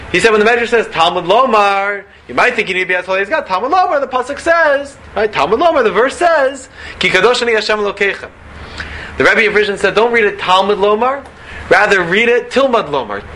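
Animated high-voiced man preaching. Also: slight background noise. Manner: animated, rhetorical questions, mixes Hebrew and Yiddish terms. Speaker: rabbi giving a Torah talk. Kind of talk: animated Torah lecture.

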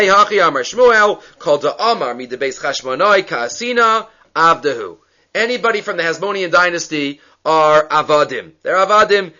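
Talmud teacher, man, high bright voice, animated, dull lo-fi recording. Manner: animated, acts out the dialogue. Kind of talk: Talmud class lecture.

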